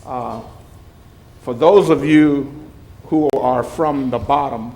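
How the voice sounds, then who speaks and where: A man's voice: medium pitch, vocal fry, a little hiss or hum, poor audio. An older man from Mobile, a retired news anchor giving a heartfelt speech and telling joking stories. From Mobile, Alabama. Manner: slow, warm storytelling with joking asides.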